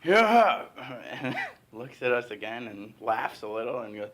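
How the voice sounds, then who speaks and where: A man's voice: fairly low pitch, little pitch movement, normal speed, fairly bright tone. A man from Illinois telling a humorous personal story as a club speaker, casual and self-deprecating with frequent fillers. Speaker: humor master giving a club speech. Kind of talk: comic storytelling speech. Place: meeting room.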